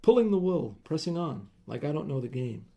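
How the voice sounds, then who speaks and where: A man's voice: mid-range voice, animated, moderate pace, vocal fry, warm tone, slightly rough. A man voicing a hot-headed, drunk, out-of-work husband who blusters and pities himself. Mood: angry. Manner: blustering, self-pitying.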